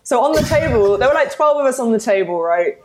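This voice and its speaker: Lively British woman telling stories. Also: a little high, quick pace, slight background noise. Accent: British English. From Britain. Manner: lively storytelling, laughs often. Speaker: podcast co-host. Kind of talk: casual group chat.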